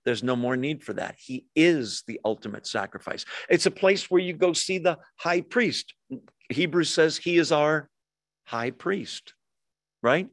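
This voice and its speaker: A man's voice: fairly high pitch, expressive, a little slow, no echo. A middle-aged man preaching a sermon in a conversational way, with rhetorical questions and humorous asides. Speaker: pastor.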